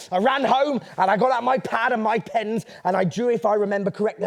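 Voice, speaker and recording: A man's voice: high voice, gravelly. A man, a children's author telling a playful, theatrical story to a young audience. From England.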